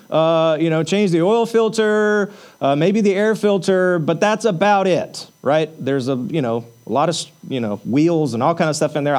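A man preaching a sermon in a conversational way, asking rhetorical questions and using casual fillers. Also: a little high. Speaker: pastor.

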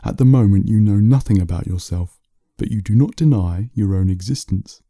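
A man voicing a calm, wise male lion who speaks gently and with quiet amusement in a bedtime story. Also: lowish voice, no echo, clean studio sound. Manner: calm, unhurried, gently teasing.

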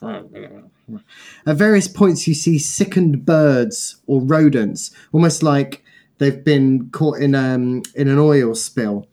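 A man narrating a tabletop role-playing game as game master, in calm, descriptive storytelling. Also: fairly high pitch.

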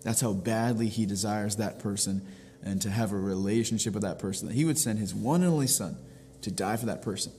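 A man's voice: on the low side, brisk, warm tone, in a large hall, slight background noise. A man giving a church devotional, earnestly explaining a passage step by step, often restarting his phrases. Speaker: pastor. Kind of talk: devotional teaching.

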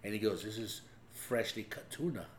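A man's voice: fairly low pitch, normal speed. A man telling profane stories in a casual chat, laughing often. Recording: echoey room with faint hum.

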